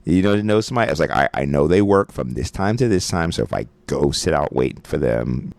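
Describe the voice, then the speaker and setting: A Brooklyn man with an extremely low, darkish, animated voice talks quickly as a podcast co-host, chatting loosely, joking and swearing freely. It's recorded dry on a studio mic in a radio studio.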